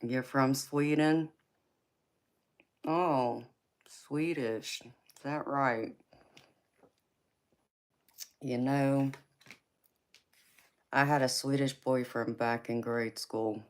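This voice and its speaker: A woman's voice: very deep voice, fairly even intonation. A woman with a Southern accent hosting a live tarot reading stream, chatting casually with viewers and calling them baby. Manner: slow, drawling, calls viewers baby.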